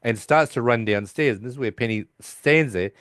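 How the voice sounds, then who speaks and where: Male podcast host, mid-pitch, dry close sound, acts out character lines in a chatty episode recap. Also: normal speed, a bit bright, dry recording. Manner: retells scenes by acting out the characters' lines. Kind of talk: casual recap of a sitcom episode.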